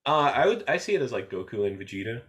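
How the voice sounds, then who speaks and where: A man's voice: medium pitch, big pitch swings, fast talker, fairly bright tone. A man hosting a podcast in casual chat, hesitant, with many "uh" and "you know" fillers. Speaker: podcast host.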